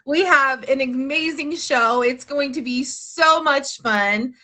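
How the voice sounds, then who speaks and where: A woman's voice: sits high, slow pace, bright, forceful tone. A woman hosting a live show in a bubbly, chatty, playful way. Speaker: host. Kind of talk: casual live-stream hosting.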